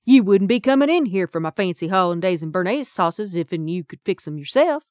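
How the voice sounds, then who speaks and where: A woman voicing a proud, outspoken male diner chef who speaks loudly and pointedly. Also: lowish voice, animated, a little fast, dry recording, clean studio sound, close to an everyday voice.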